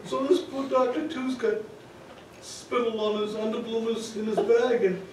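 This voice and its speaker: A man's voice: very high voice, fairly even intonation, normal speed, background noise. A man telling a story live on a theater stage, chatting with the audience through asides. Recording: echoey theater from far off.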